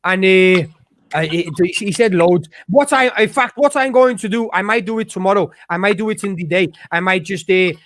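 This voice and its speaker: A man with a notably high voice rants his way through a casual stream chat. He swears freely and keeps stopping and restarting his sentences. The sound is close and dry, with no room in it. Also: normal speed, a bit bright, dry recording. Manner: rambling, profane, with frequent restarts. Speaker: streamer host.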